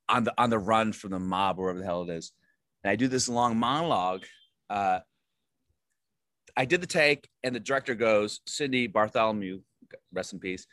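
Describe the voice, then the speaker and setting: Man, actor guest, low voice, rambling anecdotes, lots of fillers, dry close sound. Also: a bit bright, no echo. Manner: rambling, self-deprecating storytelling with many fillers. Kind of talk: casual interview chat.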